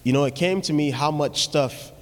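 A man's voice: fairly high pitch, moderate pace. A young adult man preaching a live sermon in a large church hall, reading scripture and praying in a rhythmic cadence that swells into emphatic hollering. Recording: long reverb of a church hall with music behind.

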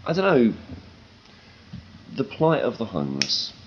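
A man's voice: medium pitch, huge pitch swings, measured pace, dull audio, slight background noise. A man in casual comedic chat, rambling and hesitant with many fillers.

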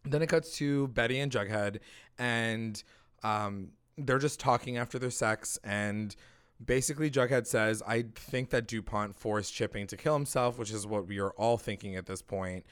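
Man, podcast co-host, casual episode recap, smooth clear voice, animated, swears freely. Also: fairly low pitch, normal speed. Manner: animated storytelling, acting out characters' lines. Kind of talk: casual chat.

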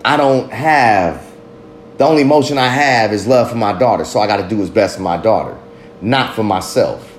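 A man's voice: lowish voice, moderate pace, slight background noise. A father talking in a candid, confessional monologue, blunt and heavy with profanity. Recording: roomy echo.

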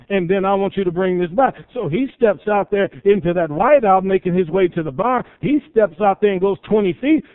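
High-voiced pastor preaching on tinny radio. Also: male voice, dry recording. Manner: preaching with rising emphasis and illustrations. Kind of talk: sermon. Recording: tinny phone-like radio broadcast.

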